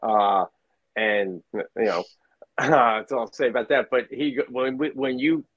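A man who is a comedian guest on a podcast, chatting casually and launching into fast, worked-up rants. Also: mid-range voice, fairly even intonation, no room sound, dull audio. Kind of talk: casual chat.

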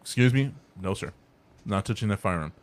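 A young man hosting a casual podcast, telling an animated, profane story and acting out the people in it. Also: lowish voice, fairly quick. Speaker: podcast host.

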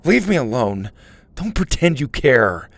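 A man's voice: mid-range voice, very animated, measured pace, fairly bright tone, exaggerated voice. A man reading a story voices a sulky, defensive teenage boy in pain.

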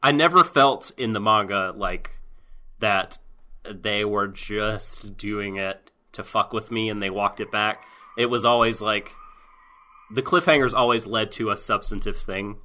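A man co-hosting a casual podcast, lively and quick to laugh. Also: fairly low pitch. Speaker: podcast co-host.

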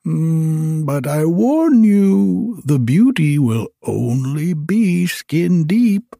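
A man voicing a fretful old male wizard, speaking in a slow, raised, pleading way. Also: on the high side, big pitch swings, creaky, warm tone, no echo, clean studio sound, pitched above the performer's own voice, exaggerated voice.

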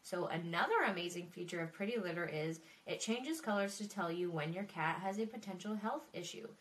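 A woman's voice: lowish voice, a little fast, far from the mic. Female true crime podcaster, loose and emotional, swears freely, echoey room sound. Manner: chatty, swearing, emotional and tearful. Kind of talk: casual podcast narration. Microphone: desk microphone.

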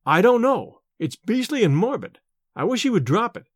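Man playing a jittery young student, higher and brighter, lively and urgent, dry close sound. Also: normal speed, husky, dry recording, full character voice. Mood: anxious. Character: nervous young male student, hysterical and shaken.

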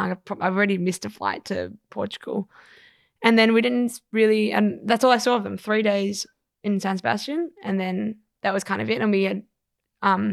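A young woman, co-hosting a casual podcast chat and telling a long story with quick, laughing energy. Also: mid-range voice, gravelly, no room sound, clean studio sound. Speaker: podcast co-host.

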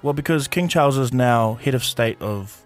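A man's voice: medium pitch, moderate pace, soft background music. A man, a podcast host joking playfully in casual chat.

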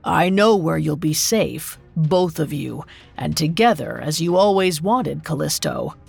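A woman doing a gruff, weary god-king. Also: sits low, lively intonation, a little slow, faint music behind, full character voice. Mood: exasperated. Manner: gruff, grumbling. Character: weary, exasperated male king of the gods.

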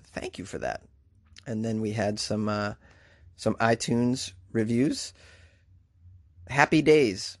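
A male podcast host talking in a loose, rambling way, full of fillers and shout-outs to listeners. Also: lowish voice, takes it slowly, pauses often, no room sound, studio quality. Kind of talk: casual podcast chat.

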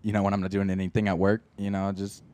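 A young guest on a podcast, a music producer, talking in a relaxed way and letting his sentences fade out. His voice sits a bit low and the sound is dry and close. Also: fast talker, no room sound. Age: young adult. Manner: laid-back, trailing off quietly. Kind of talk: casual chat.

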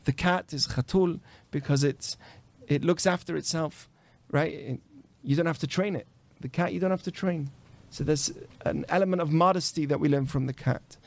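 A man, a rabbi, giving an animated podcast talk full of rhetorical questions. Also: on the high side, normal speed, vocal fry. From grew up in a committed Jewish home.

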